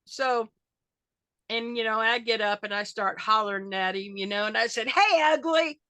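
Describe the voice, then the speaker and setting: Bright-voiced older woman. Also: medium pitch, flat delivery, moderate pace, clean tone, dry recording. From Arkansas, USA. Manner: chatty, folksy, laughs often, acts out quotes. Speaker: wrestling fan character, guest. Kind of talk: casual storytelling interview.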